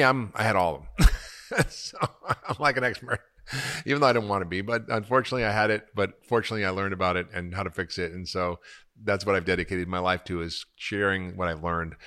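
Answering listener questions on his podcast, a middle-aged doctor speaks in a low male voice. He's energetic and emphatic, now and then chuckling at his own expense.

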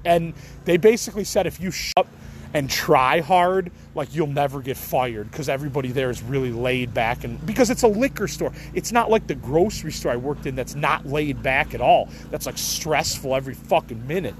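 A middle-aged man from the Chicago area hosts a podcast, rambling casually, cursing, and laughing things off. His voice is a little high at a moderate pace, and the poor recording carries some hiss or hum.

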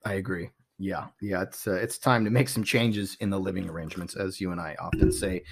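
A man's voice: sits low, steady tone, a little fast, creaky, husky. A man hosting a sports podcast in casual talk, laughing often, agreeing and asking his co-host questions.

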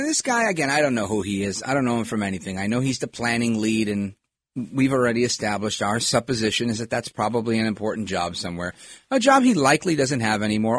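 A middle-aged man hosting a talk show, giving rambling, opinionated political commentary with lots of digressions. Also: medium pitch.

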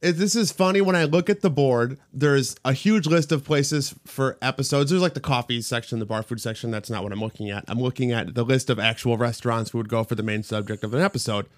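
A man's voice: mid-range voice, brisk, hardly any pauses, no room sound, studio quality. A man co-hosting a food podcast in casual, joking chat. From Northwest Indiana. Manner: upbeat, joking. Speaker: podcast co-host.

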